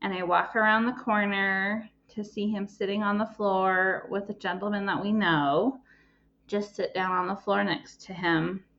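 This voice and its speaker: A woman hosting her own podcast, telling a personal story with emotion and plenty of pauses and ums. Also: mid-range voice, steady tone, fairly bright tone, highs cut off. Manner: emotional, pausing, many ums. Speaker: podcast host and life coach.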